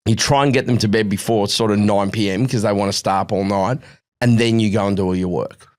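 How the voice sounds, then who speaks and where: A man's voice: lowish voice, fairly quick. A middle-aged Australian man, a podcast co-host, telling a long story in casual chat and acting out the quotes. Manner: animated storytelling, acts out quotes.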